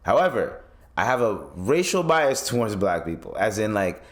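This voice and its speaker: A man from East Africa, hosting a podcast and telling stories in a profane, animated rant. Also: fairly low pitch, normal speed. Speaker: podcast host.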